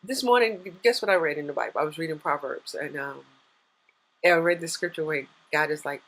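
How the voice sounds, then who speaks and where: Woman, 30s, life coach, live-stream motivational talk, earnest, faith-based, lower-pitched. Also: a little fast, rough recording. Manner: warm, earnest, faith-based encouragement with excited bursts.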